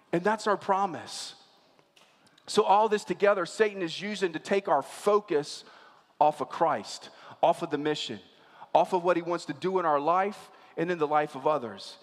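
High-voiced pastor preaching in a reverberant hall. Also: male voice. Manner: conversational preaching with rhetorical questions to the congregation. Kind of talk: sermon.

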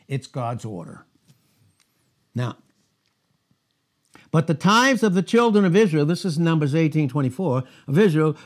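A man preaching a verse-by-verse sermon, reading scripture aloud and breaking off into asides and rhetorical questions. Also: a little high. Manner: reads scripture aloud in King James phrasing. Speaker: pastor. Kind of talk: expository sermon.

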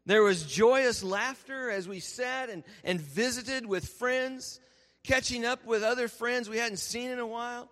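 A man, a pastor preaching a sermon and telling lively stories that he laughs through. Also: very high-pitched, unhurried. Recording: reverberant church hall.

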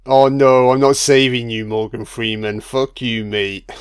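A man's voice: mid-range voice, steady tone, slow, clean tone. A man giving casual, sardonic film commentary full of swearing and jokey asides.

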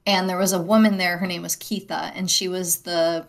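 A woman's voice: on the low side, little pitch movement, brisk, gravelly. A middle-aged woman, a guest on an interview show, speaking earnestly with frequent "right?" tags and restarts. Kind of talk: interview conversation.

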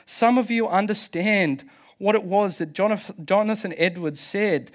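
A man's voice: sits high, normal speed. A man preaching a passionate sermon as pastor at a church service, emphatic, with restarts and laughs.

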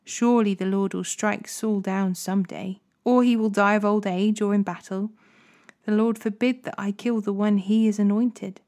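A woman's voice: medium pitch, steady tone, moderate pace, darkish tone, natural voice. A woman reading as young warrior David. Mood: hushed. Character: young male warrior David, pleading and defiant.

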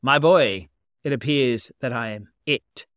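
A man voicing a flamboyant, sentimental older gentleman who speaks in grand, florid, old-fashioned phrases. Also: medium pitch, a little slow, smooth, dry recording, clean studio sound, close to an everyday voice. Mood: playful.

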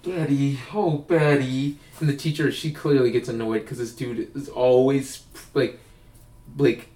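Rambling through stories, this young podcast co-host chats casually and performs the voices of people he quotes. He has a warm, mid-range voice, steady and at normal speed, and the distant mic makes the sound roomy.

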